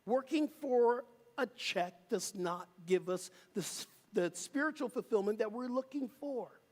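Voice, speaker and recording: A minister delivers an emphatic, rhythmic sermon from a church sanctuary, leading the congregation in call and response. The voice sits at a middle pitch and carries a long, lingering reverb from the hall. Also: lively intonation, a little slow.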